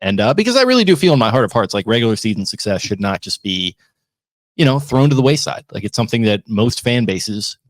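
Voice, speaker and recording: A laid-back man chatting on a podcast, hedging and filling his sentences with "like" and "you know". He talks quickly, and the recording sounds dry and close. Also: fairly low pitch, big pitch swings, no echo. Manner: hesitant, filler-heavy, laid-back. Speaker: podcast co-host. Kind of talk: casual chat.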